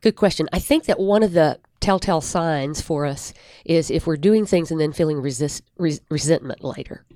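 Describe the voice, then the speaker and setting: A woman guest giving advice in an interview, thoughtful and unhurried, with many pauses and fillers. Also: low voice, mellow, no echo, studio quality. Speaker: guest counselor. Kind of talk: reflective advice in a podcast interview.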